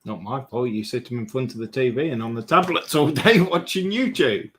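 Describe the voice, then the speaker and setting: A man's voice: medium pitch, animated, fairly quick, fairly bright tone. A man co-hosting a casual livestream, chiming in with short, blunt, dry quips. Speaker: co-host. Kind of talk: casual chat.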